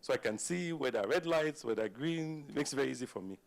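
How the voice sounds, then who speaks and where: Man, conference speaker, animated delivery, gravelly voice, addresses the crowd. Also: medium pitch, quick pace. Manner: animated, asks the audience questions. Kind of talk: live presentation to an audience.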